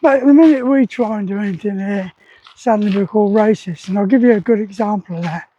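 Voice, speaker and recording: A man's voice: high-pitched, quick pace, dark tone, lo-fi sound, slight background noise. A man talking casually to camera in a rambling, opinionated way, with lots of fillers. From England. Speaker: vlogger.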